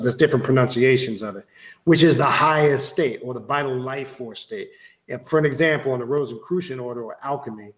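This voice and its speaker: A man's voice: medium pitch, echoey room, muffled recording. A man explaining occult ideas in casual talk, rambling with restarts and the odd curse word. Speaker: occult author guest.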